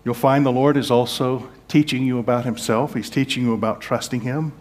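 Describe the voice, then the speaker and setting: A man preaching a sermon as pastor, earnest, moving between hushed, slow passages and emphatic, raised ones. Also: medium pitch, fairly even intonation. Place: church sanctuary.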